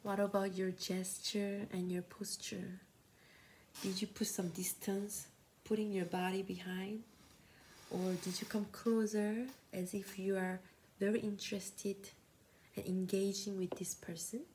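Brief: young Korean-accented woman, counseling teacher, slow soft whispery delivery, gravelly edge, faint hiss behind. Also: mid-range voice, little pitch movement. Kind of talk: soft-spoken teaching talk.

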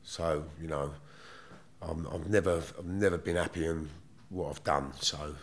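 A man's voice: rumbling low, steady tone, measured pace. A middle-aged man with a London accent, telling his story bluntly and with plenty of swearing as a guest in a casual interview.

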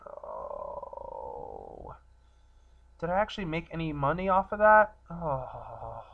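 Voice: medium pitch, wildly swooping pitch, takes it slowly, vocal fry. Exasperated let's play gamer, slightly muffled. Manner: exasperated, talks to the game. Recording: slightly muffled recording, faint game music.

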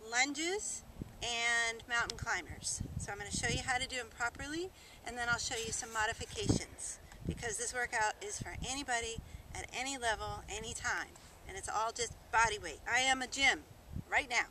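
A woman's voice: fairly high pitch, moderate pace, sharp tone, slight background noise. A woman fitness instructor leading an outdoor workout demonstration, coaching in an upbeat, encouraging way. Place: outdoors in the countryside. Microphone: camera mic held by a cameraman.

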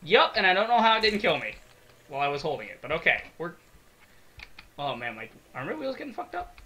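A young man giving excitable, swear-filled let's-play commentary, talking to himself as he builds in a game. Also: fairly high pitch, a little fast, a little hiss or hum. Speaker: gaming video creator.

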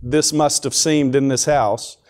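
A man speaks at a school chapel in a relaxed, conversational devotional talk. He often restarts and repeats words as he goes. His pitch sits in the middle range. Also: measured pace.

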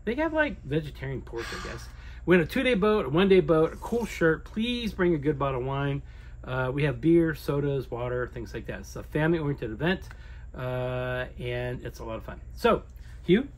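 A man's voice: fairly high pitch, big pitch swings, moderate pace. A man co-hosting a dive shop video newsletter in a playful, casual way, tossing in jokey self-corrections. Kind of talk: casual promotional newsletter chat.

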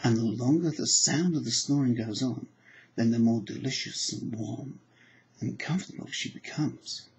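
A man with an ordinary mid-range voice tells stories from his hypnotherapy classes. He shifts between lively anecdote, acting out the people he quotes, and the slow, soothing cadence of trance work. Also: medium pitch, vocal fry, low-quality recording. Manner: storytelling, acts out quoted dialogue, soft hypnotic phrasing. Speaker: psychology trainer and hypnotherapist. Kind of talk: anecdotal teaching talk.

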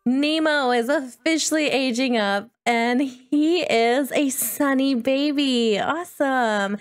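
Clear and resonant, this woman's fairly high voice moves slowly with few pauses as she hosts a gaming video. Playing a life sim, she keeps up lighthearted banter, answering the characters on screen in casual commentary.

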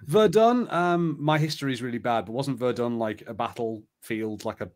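A man's voice: medium pitch, moderate pace, a little mellow. A man hosting a live play-along stream, chatty and rambling, reading an adventure book aloud. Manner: chatty, rambling, many fillers.

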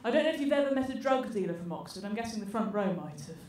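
A woman's voice: medium pitch, expressive, racing, darkish tone. A woman from England doing a stand-up comedy set on a theatre stage, teasing the audience in a brash way. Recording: roomy theatre sound from a distance. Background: audience laughter.

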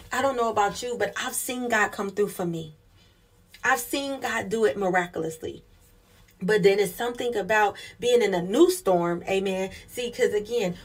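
Female preacher, husky tone, fervent sermon delivery with call-outs to the congregation. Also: medium pitch.

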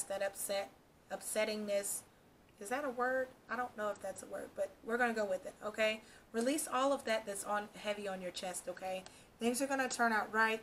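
A woman with a mid-range voice gives a casual tarot reading for her channel, in a very noisy recording. She speaks straight to the viewer, reassuring them and often checking in with "okay" and "all right".

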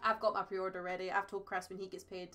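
A woman with a Scottish accent reacting to a game stream, excitable and tearful, drifting between quiet asides and squeals. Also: mid-range voice, fast, soft background music. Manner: excitable, gushing, swings from mumbling asides to squeals. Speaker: reaction video host. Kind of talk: live reaction commentary.

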